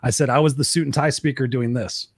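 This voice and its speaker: Male co-host, middle-aged, quick and energetic, dry close sound. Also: mid-range voice, slightly rough, no echo. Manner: energetic, advice-giving, talks in long runs. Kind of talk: casual chat.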